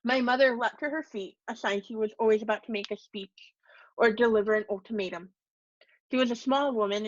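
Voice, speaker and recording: A woman teacher reads a short story aloud to her class in a steady, measured way, now and then stepping out to explain. Her voice is mid-pitched, and the sound is dull and dry, as from a home microphone. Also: no room sound. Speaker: teacher reading to students. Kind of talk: storybook reading with asides.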